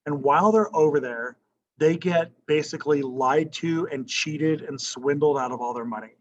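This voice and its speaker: A man's voice: fairly high pitch, moderate pace, muffled recording. A male history teacher lecturing a class in a casual, conversational way, often checking in with "right?" and asking questions.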